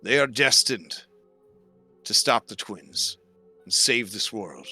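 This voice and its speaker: A man voicing a weary, grumbling god-blooded warrior who speaks low and solemn. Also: lively intonation, slow, bright, forceful tone, breathy edge, faint music behind, exaggerated voice.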